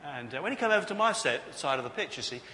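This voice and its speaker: A man preaches with an animated, storytelling delivery and acts out the voices of people in his stories. His voice is bright and sits a little high, and his pitch swings widely. The sound echoes through a large hall with faint noise behind it. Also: fast talker. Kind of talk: sermon.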